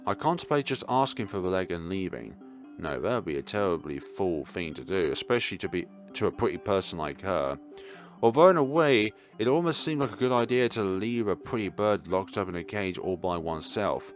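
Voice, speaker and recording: A young man reads a horror visual novel aloud, his fairly low voice swinging widely as he jokes between lines. Soft game music plays underneath. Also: fairly quick. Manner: animated, adds asides and jokes. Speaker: gaming YouTuber.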